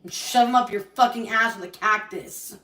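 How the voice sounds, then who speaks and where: A woman's voice: fairly high pitch, normal speed, sharp tone, recorded from a distance. A young adult woman on a live stream, ranting in a heated, profane and rambling way. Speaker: livestreamer. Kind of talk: angry live-stream rant. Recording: roomy echo, voice off-mic.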